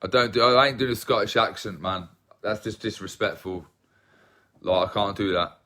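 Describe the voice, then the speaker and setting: A man's voice: fairly low pitch, fairly even intonation, moderate pace, pushed and bright. An English man with an English accent chatting casually with viewers on a livestream, self-deprecating and rambling. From England. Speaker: livestream host.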